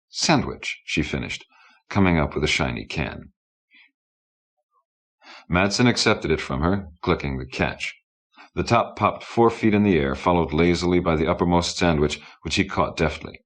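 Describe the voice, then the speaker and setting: Male narrator, very deep, steady measured audiobook read. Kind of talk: audiobook reading.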